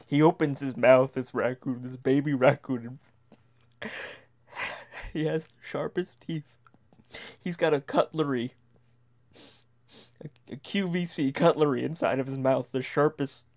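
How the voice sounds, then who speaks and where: A man telling a comic, mock-terrifying story from his past, dropping to whispers and then rising into loud, frantic bursts. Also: a little high, moderate pace, pauses often. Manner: dramatic, dropping to whispers and rising to near shouts.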